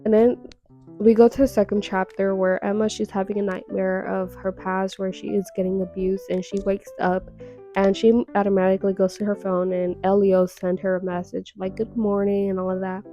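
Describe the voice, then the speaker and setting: A woman's voice: medium pitch, flat delivery, moderate pace, warm tone, lo-fi sound, soft background music. A young woman casually recapping a webtoon, chatty and full of fillers with dramatic little reactions.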